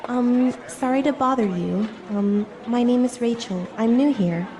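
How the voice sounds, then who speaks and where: A woman's voice: fairly high pitch, unhurried, crowd noise, lightly acted. A woman playing a nervous new young woman at the office in a scripted lesson dialogue, polite and apologetic. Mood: polite, hesitant.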